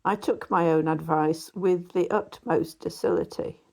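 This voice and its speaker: Measured woman narrating a ghost story. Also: low voice, steady tone, a little mellow. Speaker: audiobook narrator. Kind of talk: scripted narration.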